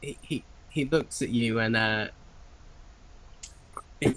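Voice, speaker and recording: A man's voice: medium pitch, slow pace, long pauses, bright, forceful tone, low-quality recording. A man narrating as game master, casual and hesitant with many fillers.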